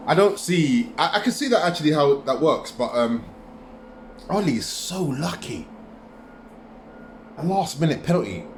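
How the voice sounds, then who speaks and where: A man's voice: fairly high pitch, big pitch swings, moderate pace, pauses often, slight background noise. Fired-up guy going off about his team live, keeps repeating himself, echoey room. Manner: agitated, repetitive ranting. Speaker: football fan vlogger. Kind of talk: live match reaction rant.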